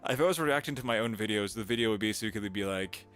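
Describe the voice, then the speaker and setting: A male voice actor chatting casually on a live stream, animated and talkative, laughing often. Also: on the low side, fast, soft background music.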